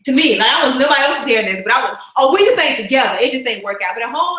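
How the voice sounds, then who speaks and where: Animated high-voiced woman host in an echoey room. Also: racing, hardly any pauses, noisy background. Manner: animated storyteller, acts out quotes. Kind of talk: casual faith talk chat.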